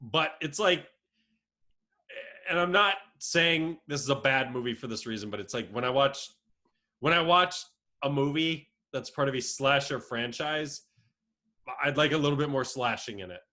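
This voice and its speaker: A young man co-hosting a podcast speaks in a mid-range voice at normal speed. He keeps the chat casual, laughing often and telling stories with lots of animation.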